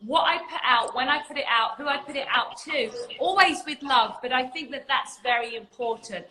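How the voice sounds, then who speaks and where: A woman's voice: high-pitched, moderate pace, bright, forceful tone, echoey room, rough recording. A woman hosting a casual livestream chat, out of breath, chatty and greeting viewers as darling. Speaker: livestream host.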